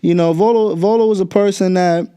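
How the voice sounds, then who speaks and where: A man's voice: sits high, steady tone, fairly quick, mellow, smooth. A young man hosting a podcast, ranting bluntly and profanely in casual talk. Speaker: podcast host. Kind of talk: casual political rant.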